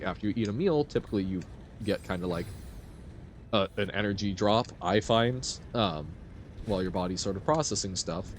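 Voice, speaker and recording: A man's voice: fairly low pitch, slight background noise. A man streaming a video game live, chatting casually with his viewers, rambling and often laughing. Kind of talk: casual chat while playing a game live.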